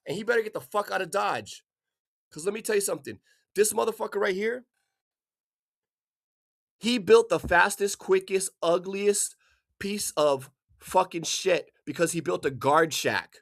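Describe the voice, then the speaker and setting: A man from Hawaii delivering an angry, profanity-filled rant, swearing constantly and bursting into shouts. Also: sits high, moderate pace. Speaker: vlogger.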